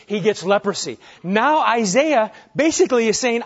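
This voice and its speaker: A man preaching with a high-pitched voice, jumping from loud emphatic lines to near-whispered asides. He keeps asking the congregation rhetorical questions. The recording sounds dull and lo-fi. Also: fairly quick, hardly any pauses. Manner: dramatic, swings between loud emphasis and hushed asides. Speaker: pastor. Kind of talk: sermon.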